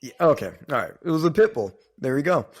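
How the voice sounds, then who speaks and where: A man's voice: a little high, big pitch swings, fast talker, darkish tone. A man co-hosting a podcast, telling a story in a rambling, casual way, with many fillers and some swearing. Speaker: podcast co-host.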